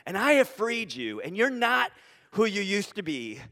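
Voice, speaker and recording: High-voiced man preaching in a hall. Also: very animated, normal speed, vocal fry, fairly bright tone. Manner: earnest preaching, rising to emphatic declarations. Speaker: pastor. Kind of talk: sermon. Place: church auditorium with live audience.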